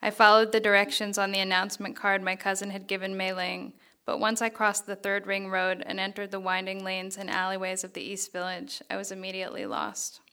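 Woman reading fiction, flat and crisp. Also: medium pitch. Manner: measured, even reading. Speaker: author reading her fiction.

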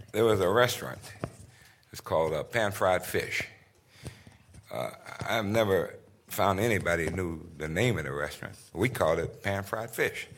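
A middle-aged man giving a speech to an audience, telling anecdotes with many "uh" pauses and acting out bits of other people's dialogue. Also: deep voice, fairly bright tone. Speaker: guest speaker.

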